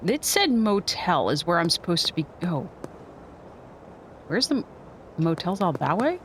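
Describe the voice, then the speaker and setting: A woman streamer commentating as she plays a video game, thinking out loud with playful asides. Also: fairly low pitch, big pitch swings, a little slow, slight background noise. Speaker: gaming streamer. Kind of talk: let's play commentary. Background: game music.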